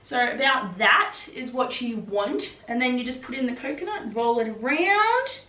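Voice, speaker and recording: Young australian woman, high voice, chatty vlog talk, gushing, says "like" a lot. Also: animated, normal speed, pushed and bright, breathy edge. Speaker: vlogger. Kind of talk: casual chat to camera.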